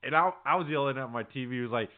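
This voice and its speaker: A man's voice: mid-range voice, rapid-fire. A man co-hosting a podcast, talking in a laid-back, rambling way and laughing often. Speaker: podcast co-host. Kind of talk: casual chat. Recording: tinny phone-like audio.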